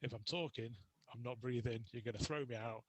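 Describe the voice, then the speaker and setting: A man's voice: mid-range voice, a little fast, dry recording, low-quality recording. A young adult man chatting as a podcast guest, telling casual stories and laughing often. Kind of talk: casual interview chat.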